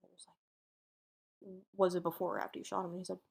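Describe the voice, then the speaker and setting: A woman's voice: on the low side, little pitch movement, a little fast, vocal fry, husky. A woman co-hosting a podcast, casually retelling a true-crime case and acting out its dialogue in informal speech. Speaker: podcast co-host telling a case.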